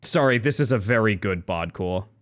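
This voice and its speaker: A male streamer talks his way through a game for his viewers in a playful, giggly manner. His mid-pitched voice swings widely up and down as he jokes and reacts. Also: lively intonation, normal speed. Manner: playful, giggly, jumps into squeaky silly voices. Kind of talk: live-streamed gameplay chat.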